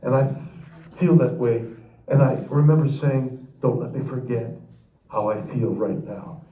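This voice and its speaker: A man in his nineties telling a rambling, halting story as a guest speaker at a convention, recorded from the crowd. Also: medium pitch, fairly even intonation, dark tone, a little hiss or hum. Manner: rambling, halting, with emotional pauses. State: near tears while telling the story. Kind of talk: storytelling and audience Q&A. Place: large convention hall. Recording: echoey hall from far off, audience recording.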